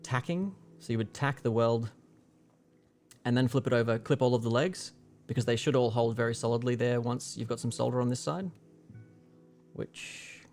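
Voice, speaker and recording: A man's voice: medium pitch, darkish tone. A young man casually explaining a keyboard build on a livestream, rambling with lots of fillers. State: hiccuping.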